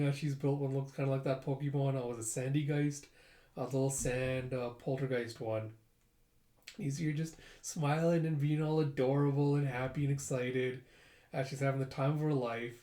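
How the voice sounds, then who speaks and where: A man's voice: a little high, dark tone, roomy sound. A man casually recapping a comic chapter in a rambling, chatty way with many fillers. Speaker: comic reader and reviewer. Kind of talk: casual comic read-through.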